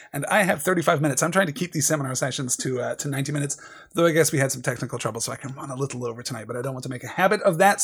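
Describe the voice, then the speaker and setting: Man, literature seminar host, husky and a touch high, thoughtful and digressive. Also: a bit bright. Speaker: seminar leader.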